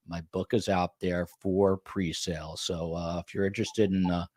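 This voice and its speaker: A low-pitched man with a New York accent hosts a true crime podcast in a loose, rambling way, leaning on plenty of "uh" and "um". His voice sits close and dry, with little room sound behind it. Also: flat delivery, normal speed, a little mellow, no room sound. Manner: loose, rambling, many fillers. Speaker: podcast host. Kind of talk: casual interview chat.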